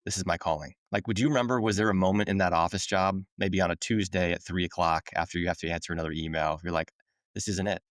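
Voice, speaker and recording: A man's voice: sits low, steady tone, quick pace, no echo, studio quality. A man hosting a podcast, asking long, searching questions with restarts. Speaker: podcast host. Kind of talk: interview questions.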